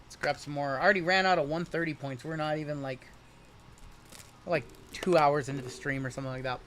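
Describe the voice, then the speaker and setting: A man's voice: on the high side, fairly even intonation, fast, a bit bright, a little hiss or hum. A man hosting a livestream card break, calling each pull with jokey, upbeat banter. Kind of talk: livestream card-opening commentary.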